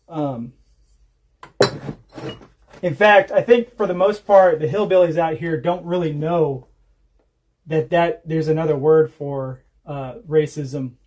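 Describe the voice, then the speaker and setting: A man's voice: sits high, a little mellow. A man, telling rambling, profane stories while chatting on a casual homestead livestream. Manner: rambling, profane storytelling with laughs. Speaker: homestead vlogger.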